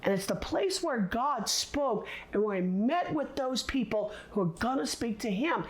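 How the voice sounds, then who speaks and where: A woman teaching a recorded Bible lesson, expressive and deliberate, leaning on words for dramatic emphasis. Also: fairly high pitch.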